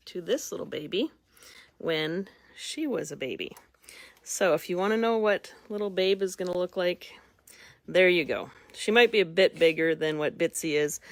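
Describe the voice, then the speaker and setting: A woman's voice: low-pitched, dry recording. A woman dog breeder chatting casually and fondly while showing off puppies. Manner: chatty and folksy, fond toward the puppies. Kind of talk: casual chat.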